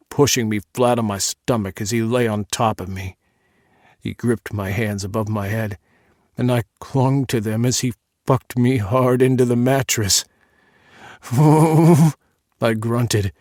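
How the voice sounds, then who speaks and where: Slow, low-voiced male audiobook narrator. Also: no echo, studio quality. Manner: slow, measured, intimate reading. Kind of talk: first-person scripted audiobook narration.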